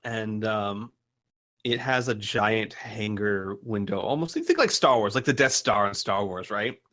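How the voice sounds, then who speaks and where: A man's voice: on the low side, expressive, unhurried, bright, forceful tone. A man narrating a tabletop role-playing game as game master, describing scenes and checking in with the players.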